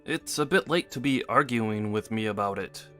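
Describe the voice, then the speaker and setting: A man's voice: fairly low pitch, moderate pace, pushed and bright, soft background music. A man voicing a careless, lying young husband in a text-message drama, dismissive and offhand.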